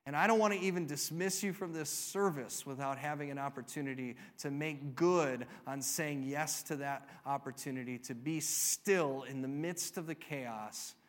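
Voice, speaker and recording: A man, a pastor, preaching a sermon and telling a story, moving from emphatic peaks to a soft, quiet close. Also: fairly high pitch, moderate pace, hardly any pauses.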